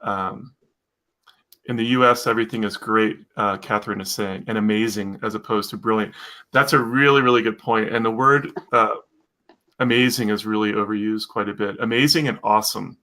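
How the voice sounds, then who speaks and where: Bright-voiced American man co-hosting. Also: fairly low pitch, fairly even intonation, moderate pace. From United States. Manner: chatty, rambling, reads viewer comments. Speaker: co-host of a live stream. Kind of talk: casual live-stream chat.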